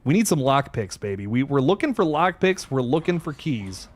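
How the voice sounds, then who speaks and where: A man hosting a horror game let's play, talking to viewers as he plays, jumpy and excitable, swearing when startled. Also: medium pitch, normal speed. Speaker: gaming channel host.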